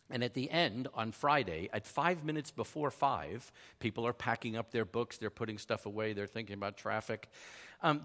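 In a sermon style, a man tells a personal story, animated and self-deprecating, acting out the voices of the people he quotes. His voice is a little high, with long hall reverb on the recording.

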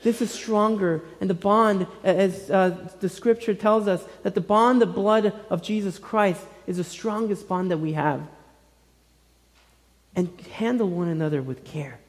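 A man in his thirties preaching a sermon as pastor, earnest and gentle, speaking in short phrases with many pauses. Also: high-pitched. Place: church sanctuary. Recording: reverberant church hall.

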